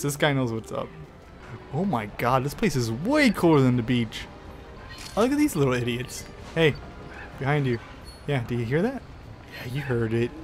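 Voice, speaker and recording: A man giving excitable let's play commentary, swearing often and taunting the creatures on screen. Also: mid-range voice. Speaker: gaming YouTuber.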